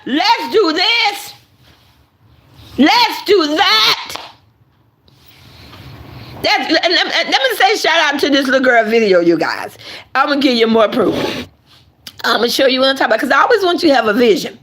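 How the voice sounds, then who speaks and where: A woman with a high-pitched voice giving casual commentary to her online audience. She is animated and emphatic and keeps addressing her viewers directly. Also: fast, slight background noise. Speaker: online content creator.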